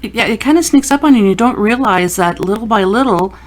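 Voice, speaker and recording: A woman's voice: a little high, lively intonation, fast. A woman hosting a paranormal podcast, chatting casually and telling stories with quoted asides. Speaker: podcast host. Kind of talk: casual interview chat.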